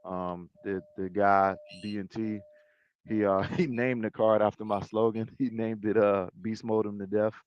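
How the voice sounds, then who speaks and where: A low-pitched man talks loosely over a video call, stopping and restarting his sentences. The call audio sounds dull and lo-fi, with a dry, close sound. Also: little pitch movement, smooth, no echo. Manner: halting, restarts, laid-back slang. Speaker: interview guest, battle rapper and league owner.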